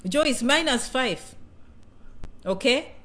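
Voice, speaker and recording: Chatty woman live-streaming, fairly high voice. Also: animated, slow, a bit bright. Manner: chatty, repeats phrases, playful asides. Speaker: vlogger hosting a live chat. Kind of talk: casual live-stream chat with viewers.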